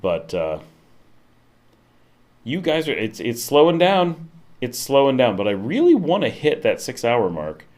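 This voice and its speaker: A man hosting a casual livestream from his home office, rambling through his thoughts with lots of fillers and lively swings in tone, talking to a desk mic. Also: mid-range voice, measured pace, pauses often. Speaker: livestream host. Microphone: desk microphone.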